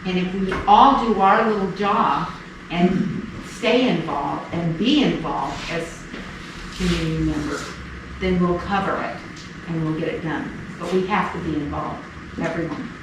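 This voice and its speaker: A woman candidate giving an earnest campaign speech at a meeting, halting with fillers now and then. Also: on the low side. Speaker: political candidate. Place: meeting room. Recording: echoey room, distant mic, noisy.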